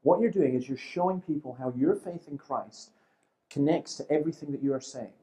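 A man in his fifties delivers a seminar talk in a lively storytelling manner. He slips into the voices of people in his anecdotes and keeps a dry, humorous edge throughout. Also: fairly high pitch, fairly quick, low-quality recording. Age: 50s. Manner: lively storyteller who acts out quoted people, with dry humour. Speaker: seminar speaker.

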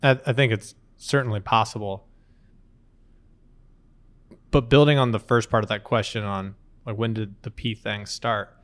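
A man in his thirties, an interview guest, telling lively anecdotes in conversation and acting out quotes along the way. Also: fairly low pitch, moderate pace, long pauses. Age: 30s. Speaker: company co-founder, interview guest. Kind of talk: conversational storytelling.

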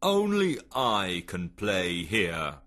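Lady doing a big grumpy selfish giant, way deep, slow and booming, storybook style. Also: big pitch swings, fairly bright tone, exaggerated voice. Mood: possessive. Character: selfish gruff male giant, possessive.

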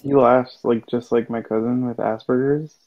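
A woman's voice: extremely low pitch, fairly even intonation, normal speed, a little hiss or hum. A woman in casual chat, making blunt, giggly remarks. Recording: dull lo-fi audio.

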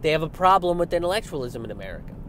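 A man's voice: rapid-fire, slight background noise. Sarcastic young man ranting outdoors. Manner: animated, sarcastic, swears often, mocks opponents in high voices. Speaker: political commentator. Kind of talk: casual political rant. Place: outdoors by a road with passing traffic.

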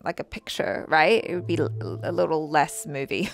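Brief: woman, gravelly fry, lively pitch, giggly co-host chat, faint music behind. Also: normal speed. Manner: apologetic, giggly, chatty. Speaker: co-host of a reaction channel. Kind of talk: casual chat.

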